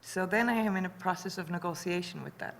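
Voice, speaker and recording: A woman on a panel speaking in a reflective, measured way. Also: lowish voice, creaky, a little hiss or hum. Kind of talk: panel discussion.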